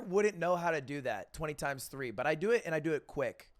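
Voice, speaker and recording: A young man hosting a livestream, joking and getting excited about incoming numbers. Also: fairly high pitch, fairly quick. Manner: playful, excitable, self-mocking. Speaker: livestream host. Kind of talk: joking live commentary.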